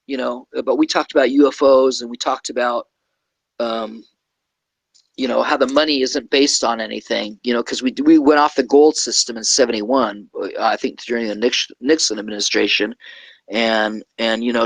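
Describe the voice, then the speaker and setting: A man's voice: medium pitch, fairly bright tone, no echo, rough recording. A man, a guest from California, telling a rambling story in casual talk and often checking in with "okay?". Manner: rambling, keeps adding "okay?".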